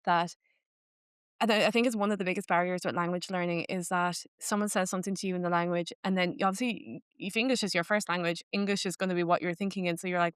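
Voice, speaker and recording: A young Irish woman hosting a podcast in easy, rambling chat, dropping "like" into every sentence. Her voice sits a little low and comes across smooth and clear. The sound is dry and close, with no room around it. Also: fairly even intonation, quick pace, no echo. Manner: chatty, fills speech with "like", slips into Irish phrases. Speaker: podcast host. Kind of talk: casual chat.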